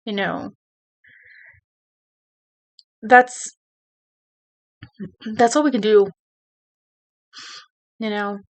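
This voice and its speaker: A woman's voice: medium pitch, steady tone, extremely slow. A woman talking to her viewers, giving earnest advice in a rambling way, with many restarts and "you know"s. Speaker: video creator. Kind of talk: casual advice talk to camera.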